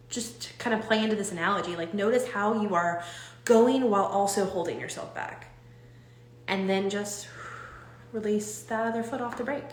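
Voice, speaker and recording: Young woman, live-stream coach, loose and animated delivery full of restarts, roomy echoey sound. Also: mid-range voice. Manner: animated, rambling, with frequent restarts and fillers.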